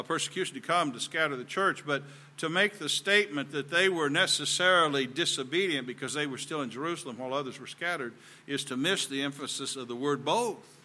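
A man's voice: on the high side, pushed and bright. A man with a Southern US accent preaching a sermon in an earnest, folksy way that builds in emphasis.

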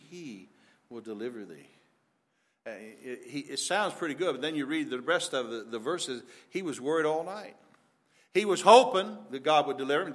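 A man's voice: mid-range voice, fairly bright tone. An older man preaching a sermon in a folksy way, often repeating words and rising for emphasis.

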